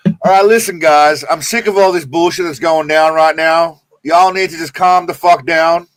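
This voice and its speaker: A man putting on a rough American Southern accent and ranting crudely and loudly. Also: a little high, steady tone, moderate pace, pitched above the performer's own voice, close to an everyday voice. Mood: mock-angry. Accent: put-on American Southern.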